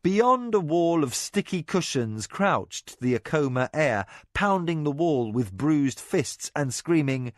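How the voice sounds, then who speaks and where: A male narrator reads a novel aloud, his voice rising and falling in a lively, expressive way. His pitch sits in the middle. The recording is close and dry, with no room echo. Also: unhurried. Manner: expressive, dramatic reading. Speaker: audiobook narrator. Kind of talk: scripted narration.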